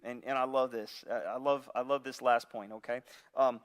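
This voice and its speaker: A man preaching a sermon, telling a parable in an animated way with frequent restarts. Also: medium pitch, normal speed. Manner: animated storytelling with repeated restarts. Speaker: pastor. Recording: long hall reverb.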